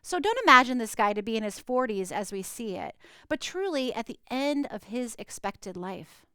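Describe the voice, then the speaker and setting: A middle-aged woman preaching a sermon, with dramatic pauses and quiet, hushed stretches for emphasis. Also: fairly high pitch, expressive, smooth, no room sound. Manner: dramatic pauses, drops to a near whisper for emphasis. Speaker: pastor.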